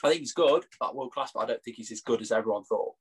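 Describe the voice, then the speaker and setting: A man's voice: mid-range voice, fast, breathy edge. A young English man co-hosting a casual sports podcast, joking and laughing often. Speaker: podcast co-host. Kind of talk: casual chat.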